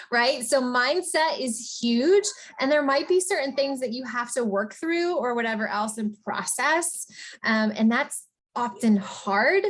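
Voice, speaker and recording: Energetic woman giving a motivational talk. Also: fairly high pitch. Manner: energetic, chatty, often asks "right?". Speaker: business coach.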